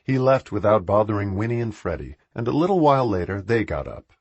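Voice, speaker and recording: Husky, animated male audiobook narrator. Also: fairly low pitch, a little fast, no room sound. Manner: animated, expressive reading. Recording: dull, dry recording.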